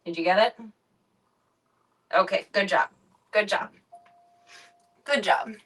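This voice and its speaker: Soft-spoken woman coaxing her pet. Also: medium pitch, slow. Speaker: streamer. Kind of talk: casual chat. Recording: distant mic.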